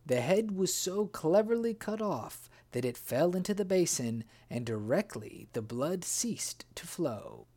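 Slow, lively storybook narrator. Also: mid-range voice.

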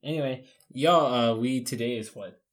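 A man hosting a casual podcast, relaxed and joking, with plenty of slang. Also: mid-range voice, moderate pace. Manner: laid-back, laughs often, casual slang. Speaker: podcast host.

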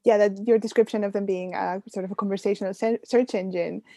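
A woman's voice: medium pitch, fairly even intonation, quick pace, dry recording. A woman hosting a podcast, chatting casually with hesitations and laughs. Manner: warm, hesitant, with filler words and laughs. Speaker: podcast host. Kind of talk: casual conversation.

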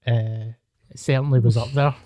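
A man's voice: mid-range voice, fairly even intonation, normal speed, warm tone, no echo. A young Scottish man telling stories with swearing and laughter in casual podcast chat. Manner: storytelling, swearing, laughing often.

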